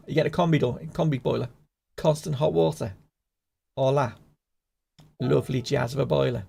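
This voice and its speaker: A man's voice: mid-range voice, moderate pace, creaky, pauses often, dark tone, slightly rough. A man hosting a casual live gaming stream, chatting and rambling with his viewers in a bantering way. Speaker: gaming livestream host.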